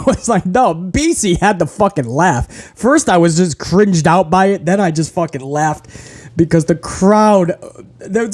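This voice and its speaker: Profane, animated man ranting about wrestling. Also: sits high. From grew up in housing projects. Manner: profane, animated, mocking impressions. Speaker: wrestling show reviewer. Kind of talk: casual rant review.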